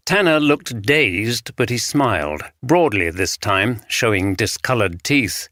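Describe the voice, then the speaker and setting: A man narrating a mystery audiobook in a steady, measured reading. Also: on the low side, no echo, studio quality.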